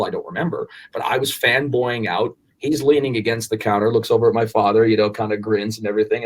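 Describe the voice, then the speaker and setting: A man in his forties, co-hosting a podcast, telling a story in an animated, rambling way with restarts and casual swearing. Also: mid-range voice. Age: 40s. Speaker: podcast co-host.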